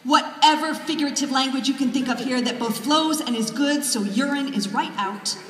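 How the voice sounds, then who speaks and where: A woman's voice: high-pitched, moderate pace, heavy background noise. A woman author giving a comic keynote speech, wry and self-deprecating with punchy jokes. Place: large hall. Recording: echoey hall from far off, crowd. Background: audience laughter.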